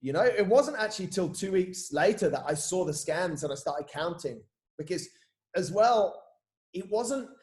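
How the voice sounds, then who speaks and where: Candid man, slightly high voice. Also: expressive, moderate pace, darkish tone. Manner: casual, repeats words, says mate often, swears freely. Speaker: podcast guest. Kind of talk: candid storytelling in an interview.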